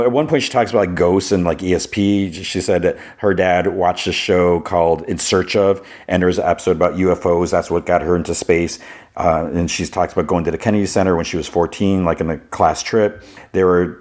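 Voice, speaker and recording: A man with a deep, low-pitched voice talks casually into a podcast mic. He rambles through a plot recap, and his sentences are loose and full of filler words. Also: steady tone, brisk, darkish tone. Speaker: podcast host.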